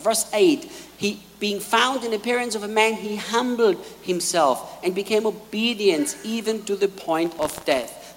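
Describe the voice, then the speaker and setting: A man preaches a sermon with lively storytelling, his pitch swinging widely. He acts out the quotes in his stories. His voice rings in a hall with a long reverb. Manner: animated storytelling, acting out quotes.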